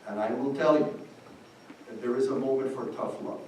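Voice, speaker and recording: Older cuban guy giving a fired-up seminar talk, booming echo, mic kinda far off. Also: moderate pace, darkish tone, a little hiss or hum. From Cuba. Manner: passionate and emphatic, switches into Spanish, voices quoted people. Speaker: seminar panelist. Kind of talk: impassioned public talk. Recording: echoey hall, distant mic, faint ambience.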